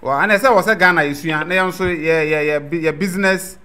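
A man's voice: on the high side, fast talker, a crowd in the background. A man hosting a casual chat, mostly answering with short agreeing replies.

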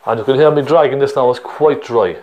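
A man's voice: mid-range voice, fairly quick, muffled recording, a little hiss or hum. A man with a Cork Irish accent talks through an oil painting tutorial step by step. His delivery is chatty and encouraging, and he keeps checking that the viewer is following along. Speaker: painting teacher.

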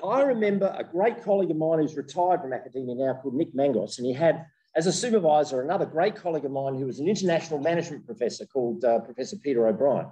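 An older man giving a humorous keynote lecture as a professor, an animated storyteller who jokes as he goes. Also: mid-range voice, rapid-fire, few pauses, recorded from a distance, rough recording. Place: lecture room with online audience.

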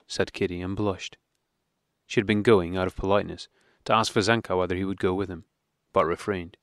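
Audiobook narrator, male, lower voice, steady measured reading, dry close sound. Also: dry recording. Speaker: audiobook reader. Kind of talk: reading a classic novel aloud.

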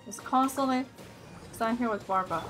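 A young woman streaming a game, thinking aloud and getting loud and excited when things go wrong. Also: fairly high pitch, moderate pace, over music. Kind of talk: live gameplay commentary.

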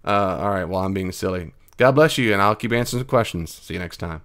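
A man's voice: low-pitched, fast talker, fairly bright tone. Folksy man hosting a podcast. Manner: folksy and conversational, earnest. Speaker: podcast host. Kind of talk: casual podcast monologue answering listener questions.

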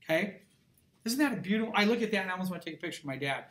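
A middle-aged male art instructor lectures his class with a high, fairly bright, expressive voice, speaking very fast. His delivery is emphatic and conversational, and he checks in with his students often.

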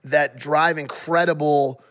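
A man's voice: a little high, fairly even intonation, slow, a bit bright. A man co-hosting a casual podcast chat, thinking aloud in long rambling sentences with restarts and casual swearing. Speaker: podcast co-host. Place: podcast studio.

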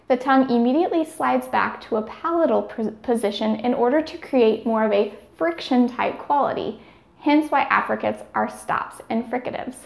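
A woman's voice: a little high, normal speed, gravelly, darkish tone, echoey room. A woman giving scripted speech therapy instruction, carefully demonstrating each sound.

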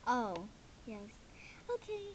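A woman's voice: fairly high pitch, big pitch swings, slow, lo-fi sound, a little hiss or hum. A girl voicing toy pet characters in a homemade skit, chatty and offhand. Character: toy pets in a homemade show.

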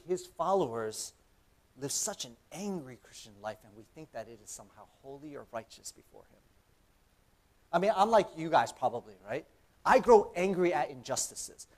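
Lively young man preaching casually. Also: high voice. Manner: animated, acts out imagined dialogue, frequent "right?". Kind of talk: casual conversational sermon. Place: church sanctuary.

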